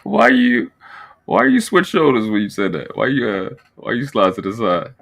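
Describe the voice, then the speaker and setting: A man's voice: mid-range voice, sing-song, normal speed, vocal fry, a bit bright. A man hosting a casual panel chat, teasing and bantering with his guests.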